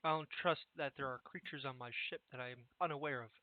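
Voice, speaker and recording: A man voicing a proud, gruff ship captain who guards his reputation, speaking stiffly and formally with rough folksy slips. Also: mid-range voice, fairly even intonation, quick pace, no room sound, natural voice. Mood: stern. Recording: tinny, dry voice-call audio.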